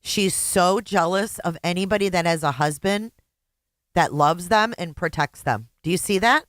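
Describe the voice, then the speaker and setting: A woman's voice: lowish voice, normal speed, fairly bright tone, no room sound. Foul-mouthed woman host, dry sound. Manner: heavy swearing, angry, blunt. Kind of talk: reaction commentary.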